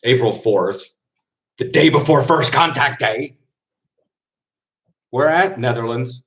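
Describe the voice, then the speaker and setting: A man who plays football, chatting casually on a livestream and answering viewer comments. He rambles in a relaxed way, with quick asides and frequent laughs. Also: medium pitch.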